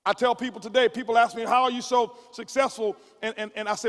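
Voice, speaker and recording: High-voiced man preaching in a hall. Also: steady tone, quick pace, a bit bright. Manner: repeats words in stumbling restarts, preacher-like build-ups. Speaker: motivational speaker. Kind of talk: motivational speech to a conference audience. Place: large conference hall. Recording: long hall reverb from a live event.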